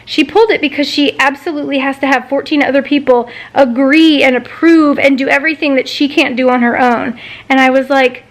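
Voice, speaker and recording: A woman's voice: sits high, fairly even intonation, fairly quick. A woman in her thirties venting in a personal vlog, retelling a frustrating phone call with exasperation and swearing. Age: 30s. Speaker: vlogger.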